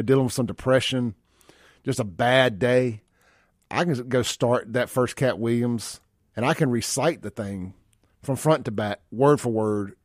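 A man's voice: medium pitch, no echo, studio quality. A man hosting a talk radio show, chatting bluntly and reading listener texts aloud. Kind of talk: casual talk radio chat. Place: radio studio.

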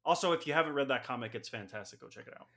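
Bright-voiced man explaining comics. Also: mid-range voice, rapid-fire. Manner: enthusiastic comic-book explainer. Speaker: podcast co-host. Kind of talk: casual chat.

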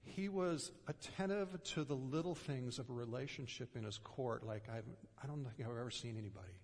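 A man preaching a sermon in an earnest way, pausing often and letting his voice drop softly at the ends of phrases. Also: medium pitch, in a large hall. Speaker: pastor.

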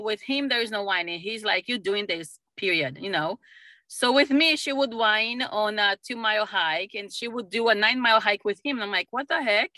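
A middle-aged woman, a mother, telling stories in a casual conversation, animated and laughing often. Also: medium pitch, no room sound. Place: lives in Utah.

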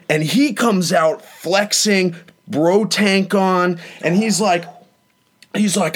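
A young adult man hosting a casual chat, retelling a neighbor dispute with animated, dramatic delivery. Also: unhurried. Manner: animated, dramatic retelling with rising pitch on quotes. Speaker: host.

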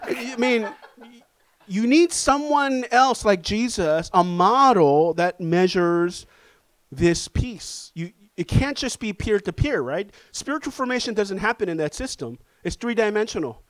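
High-voiced man preaching with humor. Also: a little slow, dry recording. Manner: animated, self-deprecating storytelling. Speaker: pastor. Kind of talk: sermon with humorous personal story.

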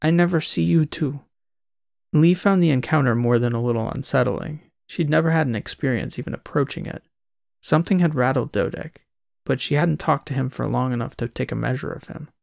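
Brief: male sci-fi audiobook narrator, gravelly tone, dry close recording, even delivery. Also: medium pitch, a little fast, no echo. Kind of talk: scripted narration.

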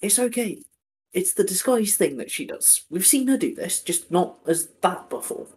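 A calm, steady male adventurer, as a woman puts him on, gently soothing a rattled friend. She lifts her usually low voice for him. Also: moderate pace, close to an everyday voice. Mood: reassuring. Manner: gentle, reassuring.

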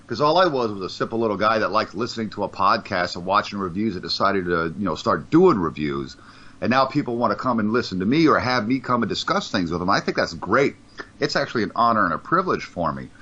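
Lively, bright-voiced man chatting on a podcast. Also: lowish voice, fast, breathy edge. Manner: rambling, swears, repeats words. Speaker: podcast co-host. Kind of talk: casual podcast chat. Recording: dull lo-fi sound.

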